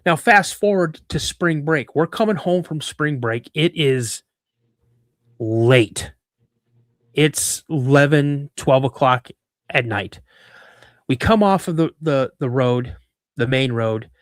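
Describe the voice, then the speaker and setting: A man in his fifties from Washington State, a guest telling a personal story in conversation, animated and acting out the dialogue, often repeating and restarting words. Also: mid-range voice, takes it slowly, pauses often, no room sound. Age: 50s. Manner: animated storyteller who acts out quoted dialogue. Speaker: guest, cryptid researcher.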